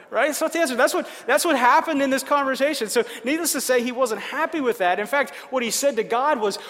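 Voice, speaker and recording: A man with a notably high voice preaching a sermon, talking casually and checking in with his listeners as he goes. His voice rings out with a long reverb tail, as if in a big room. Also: quick pace, hardly any pauses, fairly bright tone. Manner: conversational, checks in with listeners by asking "right?". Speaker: pastor.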